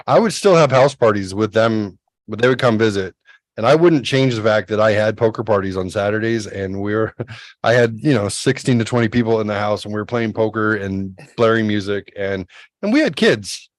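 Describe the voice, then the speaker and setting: A man's voice: a little fast, no echo, low-quality recording. Dry-voiced man telling party stories. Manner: animated storyteller, acts out quoted voices in a higher pitch. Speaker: podcast host. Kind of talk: casual storytelling chat.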